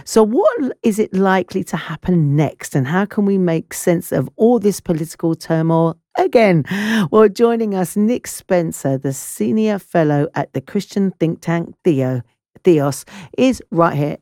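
A woman's voice: on the low side, expressive, a little slow, mellow, no echo, studio quality. A woman hosting a live radio talk show, talking in a conversational way with fillers and restarts. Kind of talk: live radio current-affairs interview.

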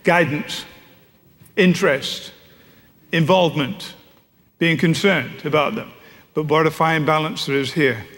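A middle-aged man preaches with a wry, storytelling touch. His voice sits notably high for a man. A long reverb from a large hall trails each phrase. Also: unhurried, pauses often, a bit bright. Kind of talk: sermon. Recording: echoey hall.

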